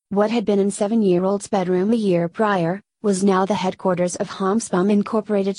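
A woman reads a novel aloud in an even, measured way. Her voice sits in a middle pitch. The recording is dry and close, with no room sound. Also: no room sound. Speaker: audiobook narrator. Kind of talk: scripted narration.

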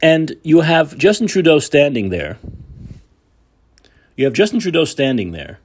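A man's voice: a little high, big pitch swings, measured pace. A man hosting a political talk show, delivering a combative, sarcastic monologue with profanity. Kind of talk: opinionated monologue.

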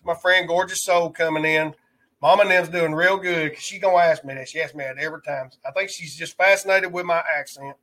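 A man's voice: a little high, steady tone, a little fast, bright, forceful tone. A man with a rural Alabama twang, hosting a casual live stream, rambling through topics and greeting viewers in the chat. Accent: Alabama Southern rural twang. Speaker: livestream host.

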